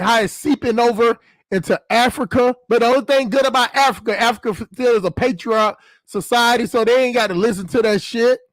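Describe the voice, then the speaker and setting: A man with a high-pitched voice talks straight to his viewers in a loose, rambling vlog. He swears freely and keeps restarting and repeating his phrases. The recording is dry and close. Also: a bit bright, no echo. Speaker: channel host. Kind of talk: casual vlog monologue.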